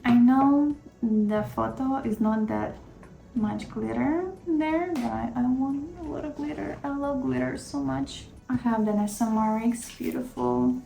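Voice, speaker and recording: A woman's voice: fairly high pitch, unhurried, gravelly, warm tone. A woman talking through her makeup as a vlogger, chatty and rambling, with self-critical asides. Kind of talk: casual makeup tutorial commentary. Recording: echoey room.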